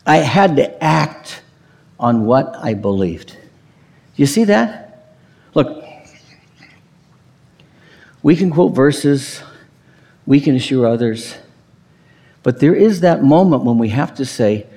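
A man preaching a sermon as pastor, emphatic, swinging from near-shouts down to low, quiet passages. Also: expressive, takes it slowly, gravelly, pauses often, slightly rough, in a large hall.

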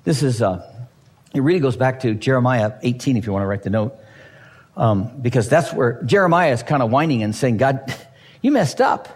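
A man's voice: mid-range voice, brisk, breathy edge, long reverb tail. A man preaching a sermon with humor and energy, acting out the voices of Bible figures as he explains the scripture. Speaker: pastor.

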